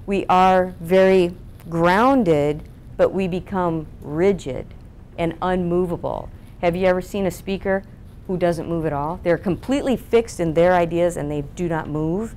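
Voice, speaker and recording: A woman teaching public speaking at a seminar, asking the room questions and acting out flat and lively voices. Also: on the low side, measured pace, a little hiss or hum. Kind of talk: seminar talk to a live group.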